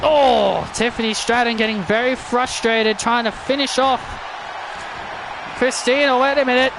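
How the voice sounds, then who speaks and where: A man calling a video game wrestling match as excited play-by-play commentary, often shouting and stumbling over his words. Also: extremely high pitch, measured pace, creaky, noisy background. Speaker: wrestling commentator and channel host.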